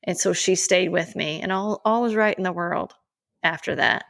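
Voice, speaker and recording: A woman in her forties, a podcast co-host, telling a personal story in an emphatic, animated way. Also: lowish voice, normal speed, gravelly.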